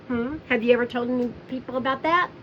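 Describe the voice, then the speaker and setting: A woman's voice: on the high side, quick pace, highs cut off, a little hiss or hum. Angry woman scolding someone directly. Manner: confrontational, scolding, speaks directly to the person she accuses. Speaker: commentary vlogger. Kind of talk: angry call-out commentary.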